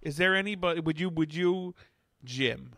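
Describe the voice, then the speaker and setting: A man's voice: on the high side, moderate pace, sharp tone, no room sound, clean studio sound. A man co-hosting a podcast, bantering bluntly with jokes and casual swearing. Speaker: podcast co-host. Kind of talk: casual chat.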